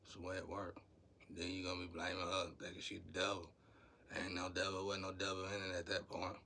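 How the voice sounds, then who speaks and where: A man's voice: low voice, level tone, fast talker, bright, forceful tone, slight background noise. A man, talking to his viewers in a rambling, preachy monologue about spiritual matters.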